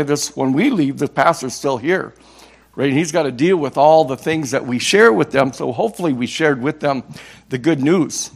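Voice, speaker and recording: With a fairly high voice, this Minnesota man in his sixties preaches an impassioned evangelistic sermon, echoing phrases until he breaks into loud cries.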